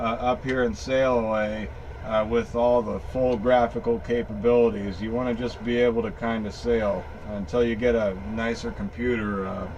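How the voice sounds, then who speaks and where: Man of middle pitch, folksy and rambling, narrates his own screen recording over a faint hum of background noise. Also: muffled recording. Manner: rambling, folksy, full of fillers and restarts. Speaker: tech tutorial maker. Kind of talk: casual screen-recorded walkthrough.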